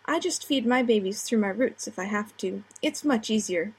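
A woman voicing a calm, smug flower blossom in a spoken story. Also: mid-range voice, normal speed, breathy edge, lightly acted.

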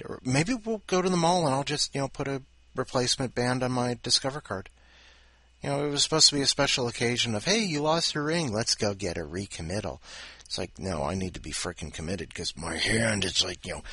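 Male podcast host, low-ish bright voice, rambling and self-mocking, dry close mic. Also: breathy edge, no echo. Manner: scattered, self-mocking, jokey asides. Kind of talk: casual rambling monologue.

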